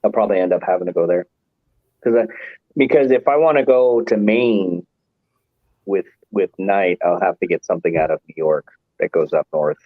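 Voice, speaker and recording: A man with a fairly low voice hosts a loose livestream chat, rambling from one thing to the next and chuckling along the way. The sound is dry, close and a little muffled, like dull stream audio. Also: normal speed, no room sound. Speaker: livestream host. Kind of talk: casual chat.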